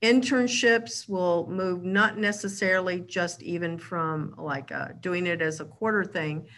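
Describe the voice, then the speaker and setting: A woman with a slightly low voice hosts a podcast conversation. She shares her views casually, thinking aloud as she goes. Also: steady tone, unhurried, a bit bright. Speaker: podcast host. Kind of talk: podcast discussion.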